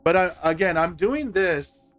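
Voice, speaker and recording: A man's voice: sits high, animated, a little slow, fairly bright tone, highs cut off. A man on a live stream telling a personal story in a rambling, casual way, full of "like" and restarts and some swearing. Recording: faint music behind. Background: faint music.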